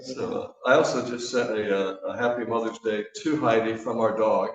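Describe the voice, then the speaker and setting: A man giving a sermon in a church, telling stories in a relaxed, conversational way with frequent fillers. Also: fairly low pitch, normal speed. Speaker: guest speaker. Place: church sanctuary. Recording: echoey church hall from a distance, dull.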